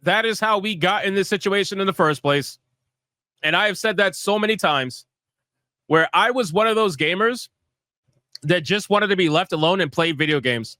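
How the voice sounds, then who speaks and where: Brash, bright-voiced male streamer. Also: high voice, no room sound, studio quality. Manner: profane, mocking, emphatic. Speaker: streamer host. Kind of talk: live stream commentary.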